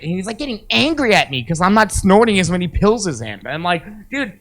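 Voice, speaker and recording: A man's voice: sits high, sing-song, fast talker, hardly any pauses, fairly bright tone, faint music behind. A young man co-hosting a casual podcast chat, talking candidly and swearing, often acting out what other people said. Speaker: podcast co-host.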